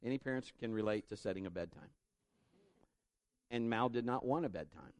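A man's voice: fairly low pitch, brisk, dry recording. A middle-aged man preaching a sermon, telling a family story and acting out the voices in it. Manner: animated, acts out voices in his stories.

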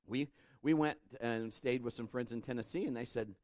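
A man's voice: mid-range voice, moderate pace, no echo, studio quality. A middle-aged man preaching a sermon, telling a family story and acting out the voices in it. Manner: animated, acts out voices in his stories.

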